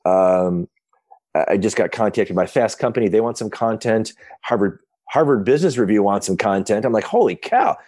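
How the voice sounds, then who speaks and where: A man in his fifties telling stories as a podcast guest, casual and animated, often restarting his sentences from his home office. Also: lowish voice, moderate pace. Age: 50s. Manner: excited, animated retelling with many restarts. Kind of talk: casual storytelling.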